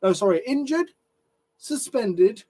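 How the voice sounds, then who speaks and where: A man's voice: very high voice, expressive, takes it slowly, dark tone. A man giving a ranting, sweary opinion on wrestling, getting flustered and repeating himself as he goes. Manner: flustered, sweary, repeats words when annoyed. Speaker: wrestling commentary channel host.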